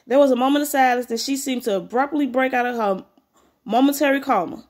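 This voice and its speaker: A woman's voice: sits high, quick pace, darkish tone. A woman reading a story aloud, breaking off for blunt, slangy comments of her own. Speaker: story reader.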